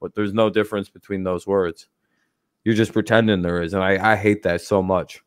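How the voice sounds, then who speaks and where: A man's voice: sits low, steady tone, moderate pace, smooth, no room sound, studio quality. A man hosting a casual livestream, rambling loosely and swearing freely, with frequent laughs. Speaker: streamer host.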